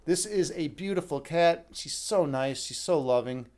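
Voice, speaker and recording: A man's voice: on the high side, a little slow, a little mellow. A man hosting a casual livestream, rambling and chatting with viewers and swearing now and then. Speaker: livestream host.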